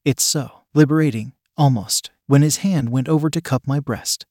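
A man's voice: medium pitch, normal speed, darkish tone, slightly rough, dry recording, studio quality. A man narrating an erotic story in a plain first-person reading.

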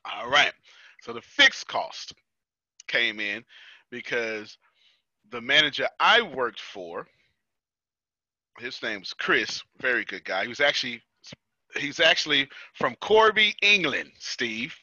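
An American man running a team meeting in a loose, joking way, laughing as he tells work stories. His voice is very bright and sharp. The sound is dry and a little muffled. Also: medium pitch, big pitch swings, slow, pauses often, no room sound. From United States. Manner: joking, storytelling, laughs often. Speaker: meeting host. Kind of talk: casual team meeting talk.

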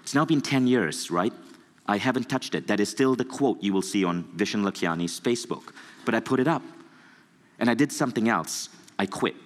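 A man from Malaysia giving a storytelling stage talk as a motivational speaker, lively and acting out dialogue. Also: on the low side, a little fast, big-room sound. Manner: animated storytelling, acts out dialogue.

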